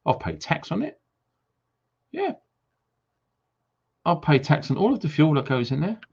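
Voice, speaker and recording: A man hosting a livestream, ranting sarcastically and firing off rhetorical questions with indignant high jumps for emphasis. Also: big pitch swings, unhurried, vocal fry, a little mellow, husky. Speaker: livestream host. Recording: dull lo-fi stream audio.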